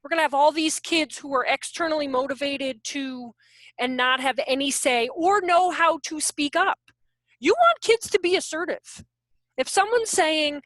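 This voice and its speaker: High-voiced woman presenting an online workshop. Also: moderate pace, no room sound. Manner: animated, asks the audience rhetorical questions. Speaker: workshop presenter on child behavior. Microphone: video call.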